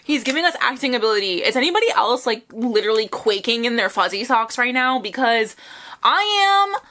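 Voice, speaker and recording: A young woman hosting a music video reaction, gushing with excited squeals and gasps as loud music plays behind her. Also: fairly high pitch, fairly quick. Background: loud music video playing.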